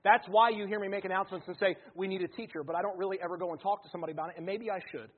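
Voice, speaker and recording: A male pastor in his thirties delivers a sermon in a high, light voice. He swings between loud, fervent preaching and hushed, personal asides. The sound is narrow and thin, like a phone line. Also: steady tone, very fast.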